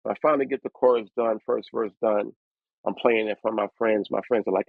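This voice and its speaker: Lower-voiced man on a tinny line. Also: fairly quick, gravelly, no echo. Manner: lively, acts out other people's voices in his stories. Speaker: guest rapper. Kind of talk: storytelling interview. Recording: dry, tinny phone-like line.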